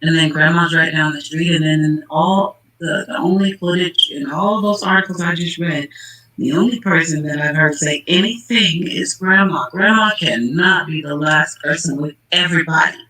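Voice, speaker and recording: Calling out the people in a true-crime case head-on, a channel host delivers casual commentary in a worked-up, emphatic way. His voice is a little high, bright and forceful, at a normal speed. The recording is rough.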